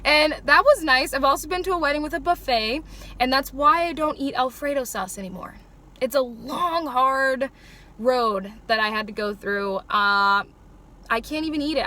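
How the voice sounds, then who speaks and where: Bright high-voiced young woman rambling. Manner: chatty, joking, self-mocking. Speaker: vlogger. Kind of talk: casual rambling monologue.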